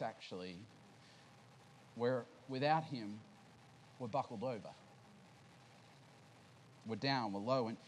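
A man preaching in a relaxed, conversational way, with a voice of middling pitch. He keeps asking his congregation questions as he teaches. A faint hiss of noise sits under the church recording. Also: poor audio. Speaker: pastor. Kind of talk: sermon. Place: church service.

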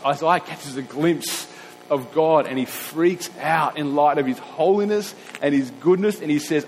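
Earnest preacher in a reverberant hall. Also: male voice, on the high side, a little hiss or hum. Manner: earnest, emphatic, slows down to stress scripture readings. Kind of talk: sermon.

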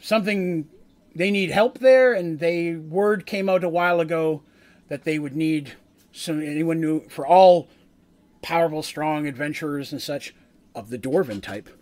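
Man playing an old cagey dwarf, fake Scottish accent, halting, slightly high voice. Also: darkish tone, close to an everyday voice. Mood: hesitant. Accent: Scottish, put on. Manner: hesitant, stammering, halting explanations. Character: old male dwarf, guarded, reluctant informant. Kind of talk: tabletop game role-play.

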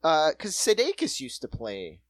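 A co-host in a casual political chat, relaxed and agreeable, often chiming in. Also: medium pitch, measured pace, no room sound.

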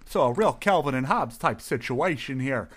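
A man voicing a pushy, jolly Santa in a fantasy bar, with a booming ho-ho laugh and a stammering, hammy delivery. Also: animated, normal speed, fairly bright tone. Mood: scheming.

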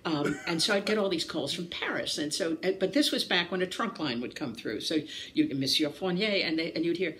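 A woman from Maryland telling lively stories as an interview guest, acting out the voices of people she describes, with many restarts and fillers. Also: on the low side, a little fast, few pauses. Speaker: guest actress. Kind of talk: casual storytelling interview.

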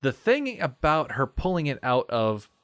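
A man co-hosting a podcast, chatting casually about a movie with wry, lively storytelling and tangents. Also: mid-range voice, unhurried, no room sound, clean studio sound. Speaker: podcast co-host.

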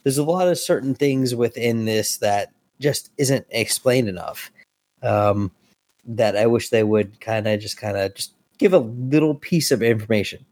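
A man's voice: medium pitch, a little slow, darkish tone, dry recording. A man appearing as a podcast guest, chatting casually about comics in a loose way, with lots of fillers and some swearing.

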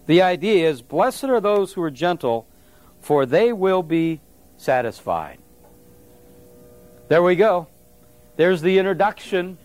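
A man with a high voice preaches a sermon, talking to the congregation in a loose, conversational way. He gets animated and checks in with the listeners as he goes. The sound is dry and close, with little room echo. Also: takes it slowly, pauses often. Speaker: pastor.

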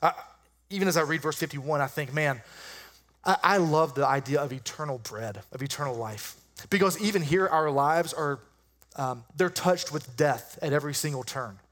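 A middle-aged man preaching a sermon in a conversational, humorous way, slowing down to stress key lines. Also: a little high, fairly bright tone. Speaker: pastor.

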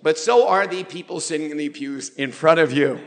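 A man preaching a sermon in a church, drawing the congregation in with questions and light humor, slowing to stress key words. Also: on the high side, crowd noise. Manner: engages the congregation with questions and show of hands. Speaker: pastor. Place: church sanctuary.

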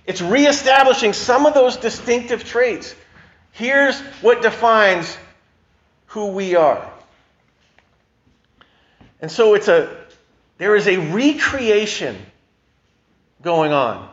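A man's voice: high voice, highs cut off. A male pastor giving a sermon in a conversational, emphatic way, often restarting his sentences.

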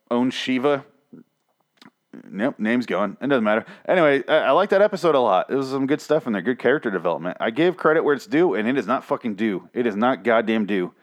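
A man hosting a TV review show, ranting in a casual, exasperated way, swearing often and restarting his sentences. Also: fairly low pitch. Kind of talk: casual profane rant.

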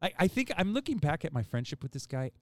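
A man's voice: fairly high pitch, very animated, fast talker, no room sound. Laid-back man telling a rambling story. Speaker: podcast host. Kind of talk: casual storytelling chat.

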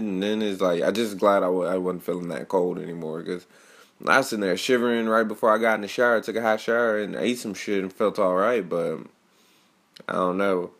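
A young man talks alone into his podcast mic in a loose, rambling monologue. His voice sits a little low, and he swears freely and drops slang as he jumps between stories. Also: fairly bright tone. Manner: rambling, profane, slangy storytelling. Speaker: podcast host. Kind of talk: casual solo podcast monologue.

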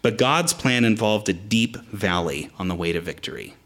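A man's voice: lowish voice, lively intonation, normal speed, fairly bright tone. A man preaching a sermon, explaining the Greek words in the text as he teaches.

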